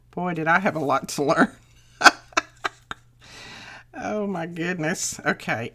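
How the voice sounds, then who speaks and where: A woman's voice: fairly low pitch, a bit bright. An older woman, chatting casually and folksily while she walks through a crafting tutorial, thinking aloud as she works. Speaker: crafting channel host.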